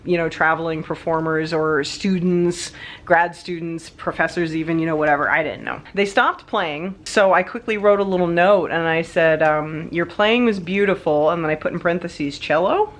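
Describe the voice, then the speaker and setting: A woman vlogger tells a story casually to her viewers, her voice sitting a little low. She talks in a chatty, animated way, with frequent laughs and asides.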